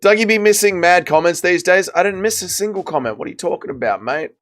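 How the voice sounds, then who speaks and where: A man's voice: high-pitched, fast. A man hosting a casual livestream, reading chat and commentating fights with blunt, profane banter. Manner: blunt, swearing, excitable banter. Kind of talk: casual watch-party commentary.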